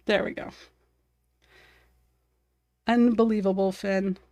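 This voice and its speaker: A woman's voice: medium pitch, steady tone, slow, warm tone, no room sound, clean studio sound. A woman chatting casually on a live art stream while she paints at her home desk, talking to her cat and viewers and laughing often.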